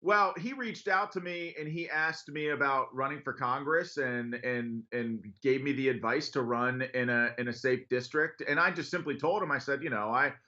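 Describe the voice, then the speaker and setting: A man in his thirties from western Pennsylvania, a congressional candidate telling his story in an earnest, brisk radio interview. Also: medium pitch, sharp tone, lo-fi sound. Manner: earnest, brisk, laughs easily while telling stories.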